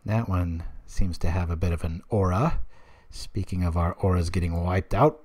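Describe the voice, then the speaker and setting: Male streamer, 30s, lowish voice; loose, chatty play-by-play with rambling tangents aimed at the chat. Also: normal speed, a little mellow. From United States. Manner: chatty, rambling asides, talks to viewers in chat. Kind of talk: live card game commentary.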